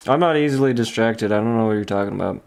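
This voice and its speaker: A man's voice: lowish voice, fast, creaky, a little mellow, clear, resonant tone. A man chatting playfully to himself while he draws, giggling often. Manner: giggly, playful self-talk. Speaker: online artist. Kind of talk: casual talk while drawing.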